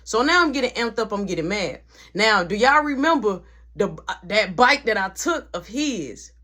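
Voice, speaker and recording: A young woman telling a story in a casual, animated way, heavy on slang. She jumps between narration and acted-out dialogue with a mid-range voice. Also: medium pitch, normal speed.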